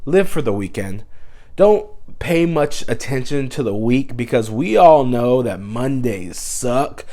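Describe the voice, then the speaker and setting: A man, a dad vlogger, giving mock-serious sarcastic advice and swinging between hushed asides and loud bursts. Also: mid-range voice.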